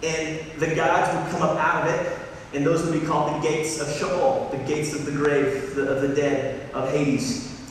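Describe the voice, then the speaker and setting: Echoey, high-voiced preacher man. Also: normal speed. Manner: animated preaching, building to impassioned peaks. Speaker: pastor. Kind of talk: sermon. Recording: echoey hall from far off, faint noise.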